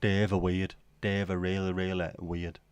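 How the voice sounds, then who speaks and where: A middle-aged man from the UK chats loosely through a late-night livestream, musing to himself and his viewers with a wry, offhand manner. His voice sits on the low side, and the sound is dry and close with little room around it. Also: flat delivery, moderate pace, clean tone, no echo. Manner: rambling, wry, talks to himself. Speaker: livestream host.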